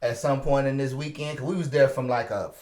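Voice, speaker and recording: A man hosting a podcast, telling a story with lively energy, acting out the dialogue and laughing often. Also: medium pitch, fast. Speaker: podcast host. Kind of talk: animated storytelling chat. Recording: roomy echoey room.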